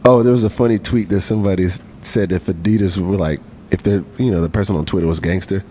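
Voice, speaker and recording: A young man co-hosting a casual podcast, animated and teasing. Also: deep voice, fast talker. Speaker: podcast co-host. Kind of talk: casual chat. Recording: faint room noise.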